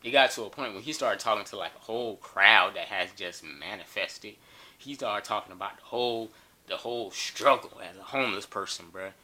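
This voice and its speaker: A man's voice: fairly low pitch, fairly quick, bright, forceful tone. A man telling a funny story in a casual, joking and profane way.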